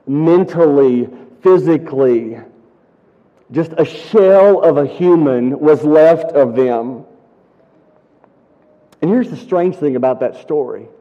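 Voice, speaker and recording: High-voiced preacher in an echoing hall. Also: male voice, dark tone. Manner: storytelling preacher, rising to emphatic peaks. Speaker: pastor. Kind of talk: sermon. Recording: muffled audio with long hall reverb.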